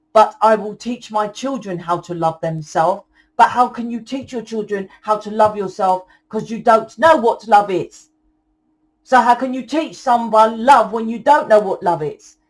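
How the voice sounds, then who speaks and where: A young woman giving a channeled tarot reading in a forceful, blunt lecturing way, swearing often. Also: mid-range voice. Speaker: tarot reader.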